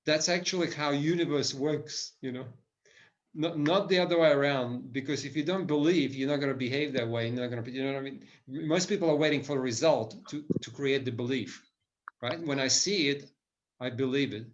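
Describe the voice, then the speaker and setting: Male business speaker, mid-range pitch, eager and rambling lecture delivery, slightly muffled recording. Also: a little fast. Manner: enthusiastic, frequent restarts and "right?" tags.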